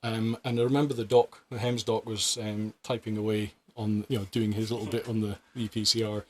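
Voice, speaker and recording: A man in his fifties, a paramedic guest telling animated stories and laughing often. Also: lowish voice, a little fast, a little hiss or hum. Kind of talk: casual anecdote telling.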